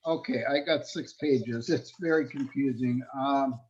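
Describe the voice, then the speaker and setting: A man taking part in an online workshop, speaking hesitantly over a video call and halting with many fillers. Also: mid-range voice, darkish tone. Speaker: workshop participant. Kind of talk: asking a question on a video call. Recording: dull lo-fi call audio.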